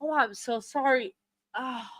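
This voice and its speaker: Woman live-stream host, high voice, unhurried delivery, flustered and apologetic, reads out viewer chat. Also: a bit bright, slightly rough, dry recording. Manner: flustered and apologetic, many fillers.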